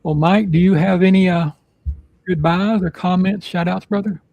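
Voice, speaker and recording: High gravelly guy hosting a chill podcast, rambles a lot, dry sound. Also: steady tone, normal speed, dry recording, dull audio. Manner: rambling, filler-heavy announcements. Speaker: podcast host. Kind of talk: casual live podcast chat.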